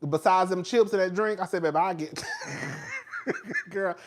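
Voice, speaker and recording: A man hosting a casual livestream, chatty and animated, laughing often, with slang and swearing. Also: sits high, fast. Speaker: host.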